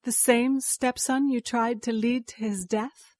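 Woman as a calm, resolute rabbit-spirit wife. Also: a little high, no echo, lightly acted. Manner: calm, measured.

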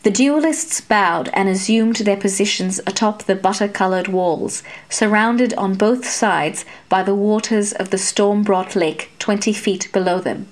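A woman reading a fantasy story aloud as narrator, in a measured, even storytelling manner. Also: mid-range voice, rough recording. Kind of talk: scripted narration.

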